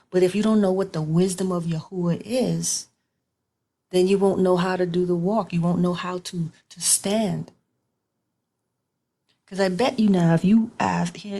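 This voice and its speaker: A woman's voice: on the low side, dark tone. A woman giving an informal online sermon as a Bible teacher, conversational and repetitive, with colloquial grammar.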